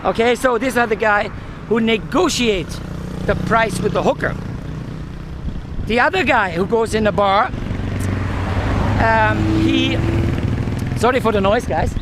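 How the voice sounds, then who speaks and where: High-voiced man ranting on a street. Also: background noise. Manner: heated and swearing, often searching for words. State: sweating in the heat. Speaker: vlogger. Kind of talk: casual ranting monologue.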